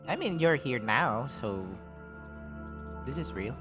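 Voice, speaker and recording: A man casually role-playing in a tabletop game, rambling in a mid-pitched voice that trails off quietly at the ends of his thoughts. Clear background music plays under his talk. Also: expressive, slow pace. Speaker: player voicing a smith character.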